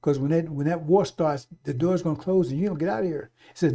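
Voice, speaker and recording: Blunt, mellow-voiced man preaching on radio. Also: on the high side, fast talker, few pauses. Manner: blunt, profane, repetitive exhortation. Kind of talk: fiery off-the-cuff sermon.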